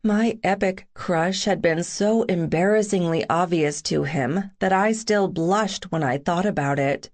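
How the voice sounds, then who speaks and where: A woman's voice: on the low side, a little slow, few pauses, a little mellow. Woman, audiobook narrator, first-person romance reading, dry and wry.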